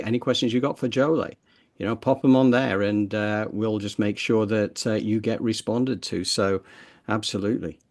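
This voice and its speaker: A man hosting a casual chat, easygoing, with brief affirmations. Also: lowish voice. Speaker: host.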